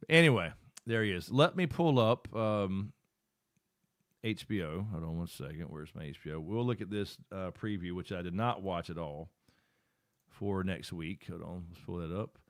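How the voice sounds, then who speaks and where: A man's voice: deep voice, normal speed, no room sound, studio quality. A middle-aged man hosting a live stream. He chats casually and rambles, thinking aloud while he works his screen.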